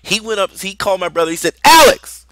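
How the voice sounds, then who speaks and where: A man's voice: high-pitched, fairly even intonation, racing, bright, forceful tone, no echo. A young man telling a personal story in a rambling, conversational way, with lots of fillers. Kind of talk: casual storytelling vlog.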